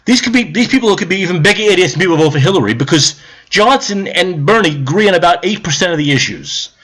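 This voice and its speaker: A political vlogger with a high voice and quick pace rants profanely to camera, lecturing and scolding the viewer. Later he calms into a grumbling explanation.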